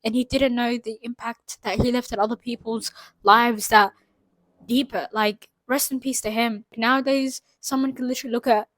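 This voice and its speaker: A woman's voice: on the high side, steady tone, normal speed, a bit bright, dry recording, poor audio. A young woman giving a rambling, earnest motivational talk straight to the camera, full of fillers and asides. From Saudi Arabia. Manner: earnest, rambling, lots of "like" and "you know what I'm trying to say". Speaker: vlogger. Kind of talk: casual motivational monologue.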